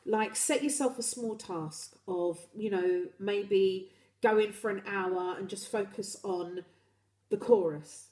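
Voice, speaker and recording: Woman, live show host, chatty, encouraging, mid-pitched voice, roomy echo. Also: takes it slowly, a little mellow. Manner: chatty, encouraging, laughs easily. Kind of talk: live show, reading viewer comments. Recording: echoey room.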